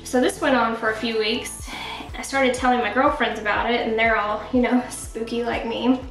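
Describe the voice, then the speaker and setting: A woman's voice: on the high side, fairly even intonation, moderate pace. A young woman vlogging casually from her home art studio, rambling and chatty with lots of fillers. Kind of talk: casual storytelling vlog. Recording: roomy, from a distance, music under. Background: soft background music.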